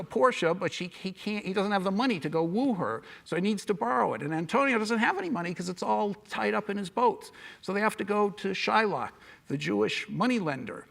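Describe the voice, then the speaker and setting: High-voiced, gravelly male lecturer. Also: a bit bright. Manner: conversational, digressive, self-correcting with restarts; dry humorous asides. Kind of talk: public lecture.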